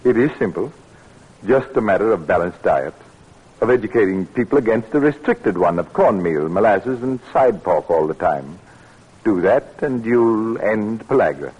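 Determined doctor, earnest and measured, husky, lo-fi old radio sound. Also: male voice, lowish voice, expressive, darkish tone. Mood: earnest, calm. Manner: earnest, measured, flares into anger. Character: determined, stubborn middle-aged male doctor and researcher. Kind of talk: 1940s radio acting. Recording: dull lo-fi old radio recording.

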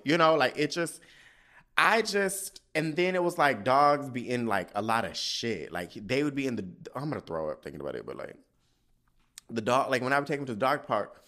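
A man in the middle of his range talks through a casual solo podcast rant. He is animated and profane, swinging into theatrical quoted asides as he goes. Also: mid-range voice, normal speed. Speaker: podcast host.

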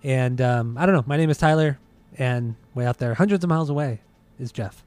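A man's voice: medium pitch, a little fast, darkish tone, no echo. Dry teasing podcast host man. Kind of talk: casual podcast banter. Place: at home.

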